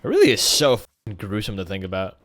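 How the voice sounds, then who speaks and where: A man's voice: on the low side, wildly swooping pitch, fairly quick, a bit bright, soft background music. A man giving casual, jokey commentary over his gameplay and talking to the animals in the game. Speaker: gaming creator.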